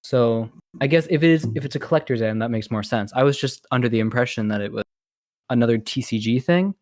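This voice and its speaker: A man co-hosting a casual podcast, talking in a loose, rambling way and laughing often. His voice sits in a middling pitch, recorded close and dry with no room sound. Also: fast talker, a little mellow, no room sound. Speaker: podcast co-host. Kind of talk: casual chat.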